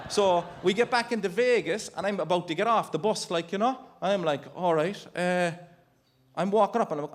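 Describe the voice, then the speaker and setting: A man's voice: high voice, a little fast. An Irish man doing stand-up, telling an exasperated, swearing story on stage and acting out his own panic. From Ireland. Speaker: stand-up comedian. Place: comedy stage before a live audience.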